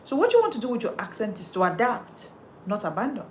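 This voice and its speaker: A woman's voice: fairly high pitch, wildly swooping pitch, quick pace, a little hiss or hum. A woman, coaching listeners on how they speak, emphatic and repetitive as she drives each point home. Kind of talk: motivational coaching talk.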